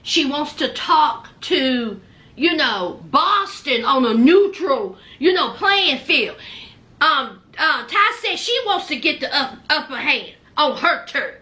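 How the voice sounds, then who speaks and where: High, bright, sassy woman recapping. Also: very animated, takes it slowly. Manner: sassy, talks straight to viewers. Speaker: reality TV recapper. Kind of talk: casual recap commentary.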